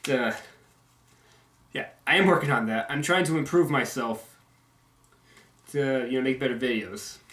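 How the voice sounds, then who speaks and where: A young man giving a casual video update, halting with many fillers and sharp S sounds. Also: mid-range voice. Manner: strong S sounds. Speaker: YouTube video maker. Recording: echoey room.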